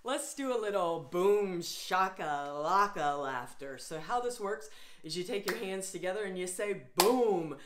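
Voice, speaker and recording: A woman's voice: medium pitch, expressive, moderate pace, reverberant, slight background noise. A woman leading a laughter yoga class, coaxing her listeners along with cheerful calls and bursts of laughter. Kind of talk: guided laughter exercise class.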